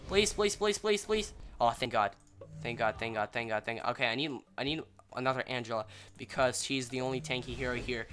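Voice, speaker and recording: A young man commentating his own gameplay, rambling and apologizing, then yelling in excitement, a little sick and clearing his throat. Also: mid-range voice, fast talker. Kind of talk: casual let's-play commentary.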